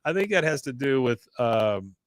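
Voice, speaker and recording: A man's voice: medium pitch, sing-song, moderate pace, slight background noise. A man hosting a podcast, recapping a show in a loose, chuckling storytelling way. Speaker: podcast host. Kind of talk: casual episode recap.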